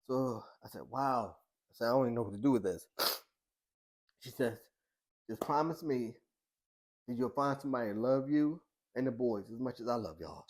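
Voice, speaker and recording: A middle-aged man speaking at an ordinary, mid-range pitch as he tells a heavy personal story to a podcast host. His speech is colloquial and earnest, full of restarts and acted-out quoted dialogue. At times his voice sinks to a hush. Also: lively intonation. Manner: halting with restarts, softening to a hushed voice. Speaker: boxing coach and social worker, podcast guest.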